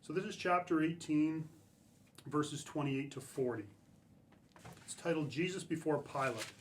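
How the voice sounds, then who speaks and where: Higher-voiced man preaching casually. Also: unhurried, pauses often, slight background noise. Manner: casual, checks in with "right?". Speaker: church speaker. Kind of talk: scripture reading and conversational sermon.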